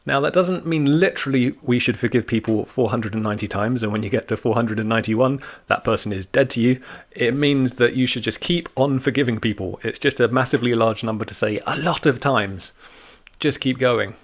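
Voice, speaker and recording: A man giving a relaxed, joking church talk to young people, teaching like a friendly youth leader. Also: medium pitch, brisk.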